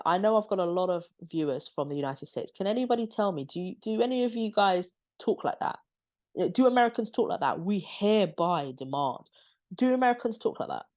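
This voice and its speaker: A woman with a low voice talks straight to camera in a casual commentary vlog. Her tone is sarcastic and mocking, full of exasperated asides. She rambles with fillers as she goes. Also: darkish tone. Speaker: commentary vlogger.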